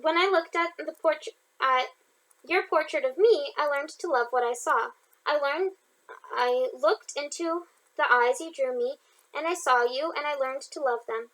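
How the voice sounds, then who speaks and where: A woman's voice: high-pitched, normal speed, a bit bright, rough recording. A woman, the author, reading her own novel aloud as an informal audiobook, with some restarts along the way. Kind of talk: self-read audiobook narration.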